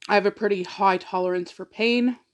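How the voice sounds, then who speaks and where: Speaking fairly quickly in a steady tone, the woman has a medium-pitched voice. She's a mukbang vlogger who rambles through a personal story, leaning on "like" and sharing emotional confidences.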